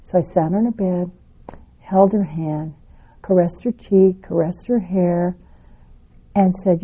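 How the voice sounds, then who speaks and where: A woman telling a spiritual personal story in an animated, expressive way, with sweeping phrases. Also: on the low side, slow, long pauses, husky, highs cut off.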